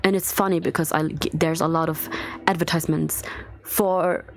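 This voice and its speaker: A woman's voice: sits low, steady tone, moderate pace, music in the background. A woman streamer ranting angrily to her chat, swearing often and sounding exasperated. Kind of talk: live-stream rant to chat.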